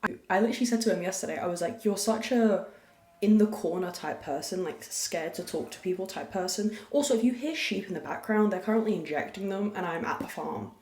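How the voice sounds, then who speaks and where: A young woman hosting her podcast, chatting candidly and rambling with crude jokes, talking softly. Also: medium pitch, brisk. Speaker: podcast host. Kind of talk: casual confessional chat. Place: room at a farm. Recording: echoey room.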